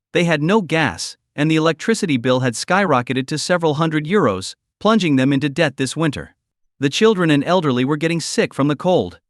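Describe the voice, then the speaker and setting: A man narrating a recap story in a steady, scripted storytelling delivery. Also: fairly high pitch, no echo, clean studio sound.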